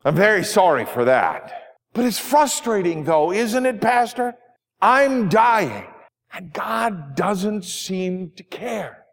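A man's voice: high voice, big pitch swings, slow pace, gravelly, voice pushed up, full character voice. A man voicing a frail, dying older woman who complains sharply and bitterly, with a long hall reverb. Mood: upset, bitter.

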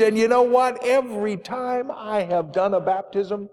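Pastor with a lively voice in a reverberant church. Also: male voice, high-pitched, unhurried. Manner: gentle, playful with children, rising to emphatic exclamations. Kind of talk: gospel reading and children's sermon. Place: church sanctuary.

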